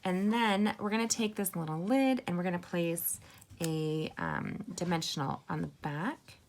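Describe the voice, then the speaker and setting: A woman's voice: fairly low pitch, expressive, a little slow, slight background noise. A woman giving a chatty, upbeat card-making tutorial and talking straight to her viewers. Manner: chatty, upbeat, addresses viewers as "you guys" and "sisters". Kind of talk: casual crafting tutorial.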